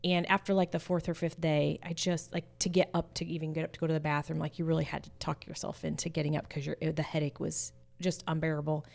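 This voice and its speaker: A mother in a casual podcast chat, telling a family story in an earnest, expressive way. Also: low voice, fast talker, creaky, few pauses. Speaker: mother guest.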